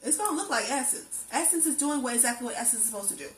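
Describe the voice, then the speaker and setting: In a reflective personal monologue, a young adult lifestyle vlogger talks very fast in a high, expressive voice. She earnestly affirms herself and repeats phrases for emphasis, recorded in an echoey room with faint ambient noise.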